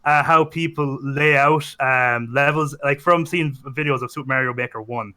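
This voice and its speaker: A man's voice: mid-range voice, moderate pace, bright, forceful tone. A young man in casual podcast chat, rambling and correcting himself, enthusiastic about games. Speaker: podcast co-host.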